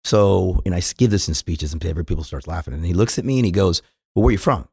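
A man's voice: deep voice, quick pace, creaky, warm tone, breathy edge, dry recording, clean studio sound. A middle-aged man from California, a police chief answering podcast questions earnestly, often restarting and repeating words. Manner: earnest, repeats words when starting sentences.

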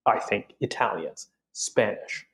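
A man's voice: on the low side, takes it slowly. A man co-hosting a casual football podcast, talking with stumbles and laughs. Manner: animated, hesitant, stumbles and laughs. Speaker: podcast co-host.

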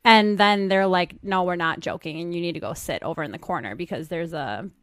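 A woman's voice: lowish voice, fairly bright tone, no echo. Chatty young woman in a dry recording. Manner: quick, chatty, full of "like". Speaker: guest. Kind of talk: casual storytelling.

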